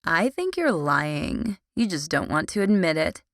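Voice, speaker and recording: A woman's voice: low-pitched, very animated, unhurried, no room sound, studio quality. A woman voicing a gossipy, pushy teenage girl who drawls in a confident, sing-song way. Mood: teasing.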